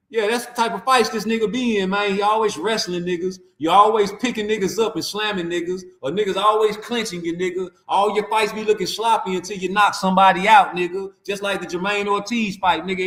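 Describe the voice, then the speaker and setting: A man's voice: high voice, a bit bright, reverberant. A man, delivering a profane, mocking, heated boxing rant. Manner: trash-talking, mocking, heated. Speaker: boxing commentator.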